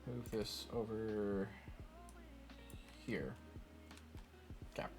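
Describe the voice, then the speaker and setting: A man's voice: fairly low pitch, very slow, vocal fry, over music. A man streaming while he programs, muttering to himself, scolding his code and turning to joke with his viewers. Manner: self-mocking, laughs with viewers. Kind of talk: casual chat while programming.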